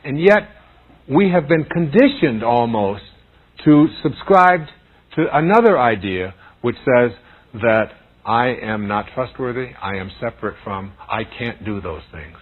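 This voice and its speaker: Man doing a spiritual talk, kinda husky, phone-line quality, faint music behind. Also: medium pitch, lively intonation, measured pace. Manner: earnest, builds repeating phrases. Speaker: spiritual lecturer. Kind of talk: inspirational lecture.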